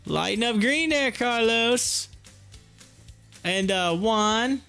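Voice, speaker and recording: A man with a high, bright voice talks through his trades at an easy, unhurried pace, reading viewer comments aloud. He's casual and chatty, and he laughs often. Faint music plays behind him. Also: expressive, vocal fry, smooth. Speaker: livestream stock trading host. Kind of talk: casual live-stream commentary.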